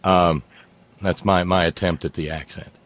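A man's voice: deep voice, fairly even intonation, measured pace. A man hosting a radio chat in a folksy, joking way, often restarting his sentences. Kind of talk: casual radio conversation.

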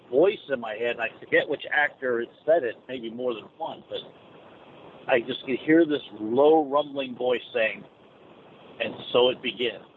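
A man chatting casually on a call, rambling and restarting his sentences often. His voice comes through a narrow, tinny phone line. A faint hiss sits behind him. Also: medium pitch. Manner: rambling, many restarts and stammers. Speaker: truck driver calling in. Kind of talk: casual chat.

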